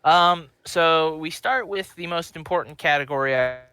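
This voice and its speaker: A man co-hosting a comedy movie-review podcast, riffing freely and swearing often. His voice is bright and forceful. The sound is close and dry. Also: on the high side, moderate pace, smooth, no room sound. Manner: profane, riffing, laughs along. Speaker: podcast co-host.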